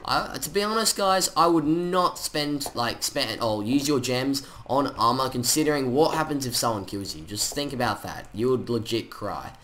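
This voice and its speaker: A man giving chatty, excitable commentary over his own gameplay, full of slang. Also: mid-range voice, moderate pace, few pauses. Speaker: gaming channel host.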